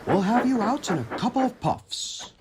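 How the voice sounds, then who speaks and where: A man voicing a proud, pompous big male express engine who booms and chortles. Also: sing-song, normal speed, background noise. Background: music.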